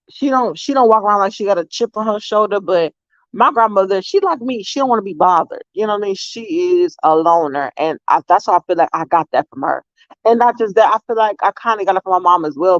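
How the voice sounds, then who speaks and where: A woman vlogger casually telling family stories to her viewers, animated and swearing freely. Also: mid-range voice, dry recording, muffled recording.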